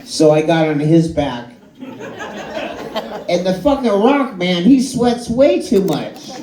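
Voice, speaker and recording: Male stand-up comic, slightly high voice, swearing storyteller, live in a roomy bar with a loud laughing crowd. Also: very animated, slow pace. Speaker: stand-up comedian. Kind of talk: stand-up comedy set. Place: live comedy show at a bar and grill. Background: audience laughing.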